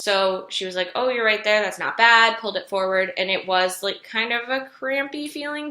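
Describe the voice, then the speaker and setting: Chatty young woman with a bright voice. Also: mid-range voice. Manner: chatty, lots of "like" fillers. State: late in pregnancy. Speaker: vlogger. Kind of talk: casual storytelling vlog. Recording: echoey room.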